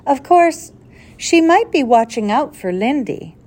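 A woman reading aloud and voicing an excited elderly male professor on an expedition, with an eager, knowing storybook manner. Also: sits high, a little slow, pitched above the performer's own voice, full character voice.

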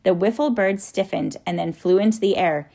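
A woman reading a children's story aloud in a lively way. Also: medium pitch, normal speed. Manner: lively, acts out the characters.

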